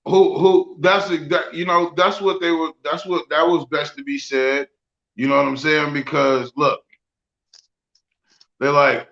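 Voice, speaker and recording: Bright-voiced, profane man co-hosting a podcast. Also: a little high, little pitch movement, unhurried, creaky, highs cut off. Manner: profane, keeps asking "you know what I'm saying". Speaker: podcast co-host. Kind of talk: casual chat.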